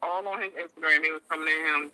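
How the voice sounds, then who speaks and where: A man calls in to a show over a tinny phone line. His voice is high and very bright. He explains things at length and keeps agreeing with "right". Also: fairly even intonation, fast. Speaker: caller.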